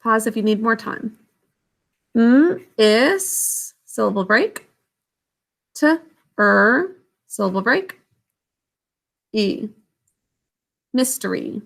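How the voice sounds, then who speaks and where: A woman teaching a children's spelling lesson, sounding out words letter by letter and syllable by syllable in a slow, patient way. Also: on the high side, lively intonation, creaky, a bit bright. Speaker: literacy teacher.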